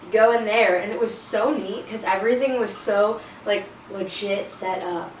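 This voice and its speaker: A woman's voice: medium pitch, fairly even intonation, normal speed. A teenage girl telling a storytime in a chatty, casual way, full of fillers and self-conscious laughs. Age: teens. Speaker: vlogger. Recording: roomy, a bit distant, faint noise.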